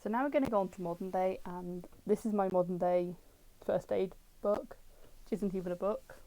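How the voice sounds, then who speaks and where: British woman streamer at home; mellow tone, chatty and digressive, quips back at chat. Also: mid-range voice, steady tone, normal speed, low-quality recording. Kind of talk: casual livestream chat reviewing old books. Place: at home with her dog.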